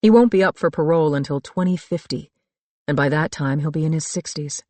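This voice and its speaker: A middle-aged woman narrating a first-person thriller audiobook in a calm, reflective storytelling manner. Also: low-pitched, brisk, no echo. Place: dry studio booth.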